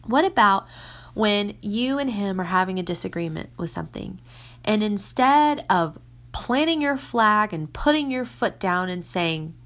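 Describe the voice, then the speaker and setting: A woman, a mother of six, giving casual faith-based advice in an earnest way, sometimes dropping to a soft whisper for emphasis. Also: mid-range voice, animated, measured pace. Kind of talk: casual Christian teaching talk.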